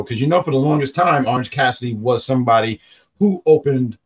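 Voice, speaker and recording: A man's voice: mid-range voice, brisk, breathy edge. A man hosting a podcast in casual, rambling chat, often stopping to correct himself. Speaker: podcast host.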